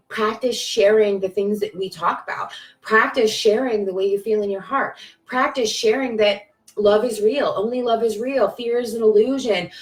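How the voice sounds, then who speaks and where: A woman giving a casual spiritual pep talk on a live video, emphatic and repetitive, with bursts of cheering and swearing. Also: medium pitch. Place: at home, on a live stream. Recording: roomy echo from a distance.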